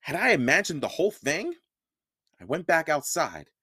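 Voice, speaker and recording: A man's voice: a little high, sing-song, moderate pace, sharp tone, breathy edge, no echo, studio quality. A man reading a first-person novel aloud as an audiobook, telling the story with expression. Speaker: audiobook reader.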